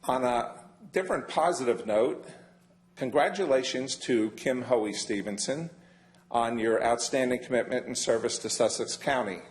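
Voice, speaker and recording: An older man giving a formal public comment at a county meeting, measured and emphatic, leaning hard on key words. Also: mid-range voice. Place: county council chamber.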